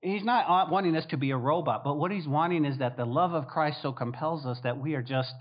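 A pastor preaching a sermon in a fairly high voice for a man. He hammers his points home by repeating them over and over. The recording sounds dull and lo-fi. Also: a little fast. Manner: emphatic, repeats key phrases, acts out quoted voices.

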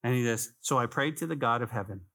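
A man's voice: mid-range voice, quick pace, a bit bright. A man preaching a conversational sermon as pastor, repeating phrases for emphasis and speaking to the congregation as "guys".

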